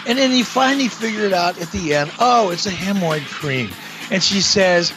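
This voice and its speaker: A middle-aged man talks in a high, swooping voice, telling stories bluntly and with plenty of swearing. It is a casual podcast chat, with music playing clearly underneath. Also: sing-song, a little fast, low-quality recording. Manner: blunt and profane, tells stories animatedly. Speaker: podcast host, former wrestling executive.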